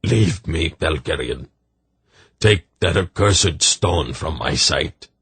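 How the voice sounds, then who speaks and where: A grief-stricken emperor drags out each word in slow, heavy anguish. A man reads him in a deep, husky voice. The audiobook recording is dry and close. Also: expressive, fairly bright tone, no echo, heavily acted. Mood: bitter. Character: grief-stricken middle-aged male emperor. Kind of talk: audiobook character voice.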